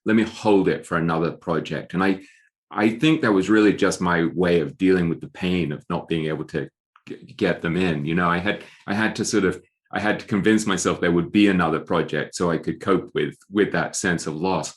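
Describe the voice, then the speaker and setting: Low-voiced man, thoughtful guest. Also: fairly quick. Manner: thoughtful, repeats words while searching for phrasing. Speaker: author guest. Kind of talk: conversational interview.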